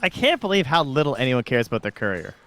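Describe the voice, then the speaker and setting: Fast-talking Canadian man, casual color commentator. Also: medium pitch, sing-song, bright, forceful tone. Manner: fast, casual, lots of "like" and "dude". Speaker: esports analyst.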